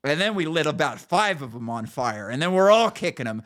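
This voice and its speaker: A man's voice: on the high side, sing-song, fairly quick, few pauses, fairly bright tone. A man hosting a podcast, ranting in casual chat with an emphatic, profane manner. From United States. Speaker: podcast host.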